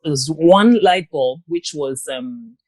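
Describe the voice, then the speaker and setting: A grown woman giving an interview guest's personal account, talking in a halting way with many pauses and restarts. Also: low voice, lively intonation, a little mellow, no echo. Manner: halting, with frequent ums and restarts. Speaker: guest, abuse survivor and author.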